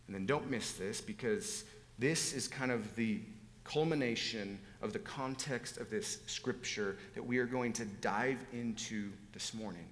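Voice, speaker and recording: A man preaching a sermon in a church sanctuary, his voice mid-pitched and rising to loud emphatic exclamations. He drops suddenly into hushed asides. A long hall reverb trails after every phrase. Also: unhurried.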